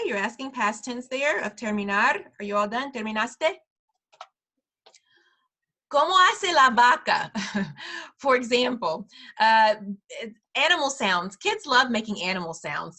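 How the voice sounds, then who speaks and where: Bright-voiced woman teaching Spanish phrases. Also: fairly high pitch. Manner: laughs often, repeats phrases slowly for learners. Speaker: preschool director teaching a parent Spanish class. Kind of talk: friendly language lesson.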